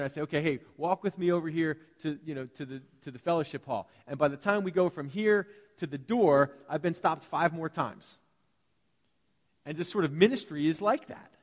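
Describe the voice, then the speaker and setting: Animated male preacher in a reverberant hall. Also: fairly high pitch. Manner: animated, conversational preaching with acted-out voices. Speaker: pastor. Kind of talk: sermon. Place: church sanctuary.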